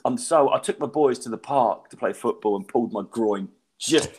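A man's voice: mid-range voice, normal speed, a little mellow. A middle-aged man, a stand-up comedian, telling stories in casual podcast chat, swearing freely and acting out voices.

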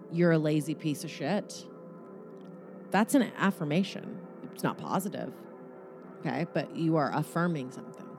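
A woman with a fairly low voice leads a guided meditation in a loose, joking manner, swearing now and then. Faint music plays softly behind her. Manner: casual, joking, swears freely.

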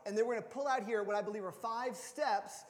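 A man preaching a sermon as pastor of a church, playful and animated, often repeating words as he restarts a thought. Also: sits high, fairly quick. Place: church sanctuary. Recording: long hall reverb.

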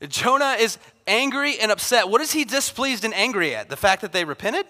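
A man in his thirties, a pastor, preaching a sermon in a casual, animated way. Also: high-pitched, moderate pace. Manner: casual and animated, acts out Bible figures. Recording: long hall reverb.

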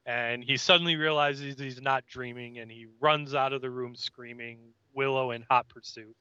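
A man in casual podcast chat, retelling a scene and slipping into the characters' lines. His voice is bright and crisp, recorded dry and close. The sound is slightly dull and lo-fi. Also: medium pitch, steady tone, moderate pace, no room sound. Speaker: podcast co-host.

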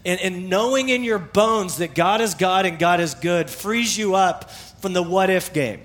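A middle-aged male pastor preaching a sermon in a conversational, animated way, with emphatic repetition. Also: high voice, brisk, few pauses.

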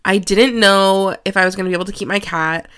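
A young woman in her twenties hosting her own podcast, talking alone into the mic. She speaks with open, confessional frankness, swears casually and fills her sentences with "like" and "you know". Her pitch sits in the middle range for a woman. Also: steady tone, a little fast, fairly bright tone, clear, resonant tone. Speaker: podcast host. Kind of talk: candid solo podcast monologue.

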